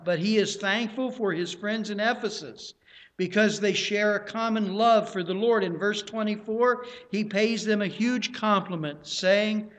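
Earnest high-voiced preacher. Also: male voice, a bit bright. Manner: plain, earnest teaching with repetitions and restarts. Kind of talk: sermon.

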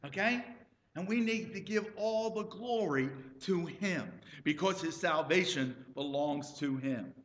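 A man's voice: fairly high pitch, unhurried, roomy sound. A male pastor preaching a sermon, telling folksy stories and asking the congregation questions.

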